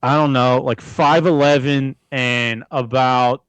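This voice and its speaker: A man co-hosting a podcast in casual chat, crude and mocking, animated and loose. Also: medium pitch, takes it slowly, clean tone, no room sound. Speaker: podcast co-host.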